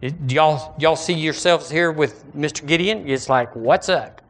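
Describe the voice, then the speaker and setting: Animated preacher man. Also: a little high, a little slow, hardly any pauses. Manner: animated, rhetorical, calls on the congregation to repeat after him. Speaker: pastor. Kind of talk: sermon.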